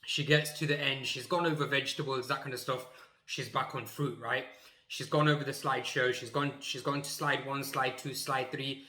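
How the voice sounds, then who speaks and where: Animated young storyteller man. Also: medium pitch, moderate pace, reverberant. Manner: animated, acts out scenes, emphatic. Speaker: YouTuber. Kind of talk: comic storytelling.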